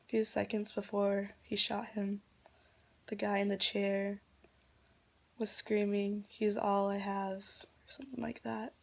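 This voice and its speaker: A woman talks straight to her camera at a slow, unhurried pace, her pitch staying flat and even. She is subdued and disgusted as she retells events. At times her voice sinks to a soft half-whisper. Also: gravelly. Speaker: vlogger. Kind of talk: reaction commentary.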